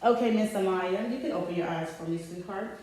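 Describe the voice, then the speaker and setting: A woman, a nursing student, calmly demonstrating a physical assessment, stating findings aloud and giving the patient simple instructions. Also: mid-range voice, brisk, background noise. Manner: methodical, calm, narrating findings aloud while instructing the patient. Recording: very echoey room, picked up from a distant mic.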